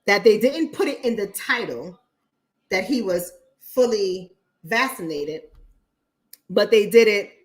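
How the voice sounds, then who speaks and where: A woman's voice: mid-range voice, animated, takes it slowly, pauses often. A blunt woman hosting a casual livestream, speaking straight to her audience. She swears freely and circles back to repeat her points for emphasis. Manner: blunt, profane, addresses viewers directly. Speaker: online talk show host.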